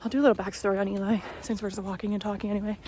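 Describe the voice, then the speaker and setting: A woman's voice: medium pitch, flat delivery, racing, mellow, a little hiss or hum. Chatty woman vlogging on a walk. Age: 30s. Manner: chatty storytelling, acts out quoted voices. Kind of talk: casual walk-and-talk vlog. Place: outdoors on a walk.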